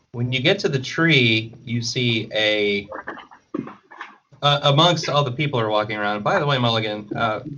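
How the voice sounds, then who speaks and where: A man narrating a tabletop game as game master in relaxed, descriptive style. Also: mid-range voice, muffled recording.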